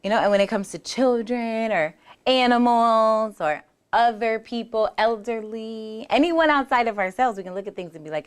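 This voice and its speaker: A woman's voice: a little high, normal speed, clear, resonant tone. A woman bodywork therapist hosting a podcast, talking in an earnest, reflective way and acting out the voices in people's heads. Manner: earnest and conversational, acts out inner voices, many restarts. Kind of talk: reflective solo talk.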